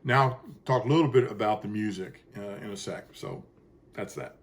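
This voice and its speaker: A man's voice: fairly low pitch, moderate pace. Earnest rambling man explaining his music. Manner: rambling and earnest, with fillers and restarts. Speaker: composer explaining his choral piece. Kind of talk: casual spoken explanation.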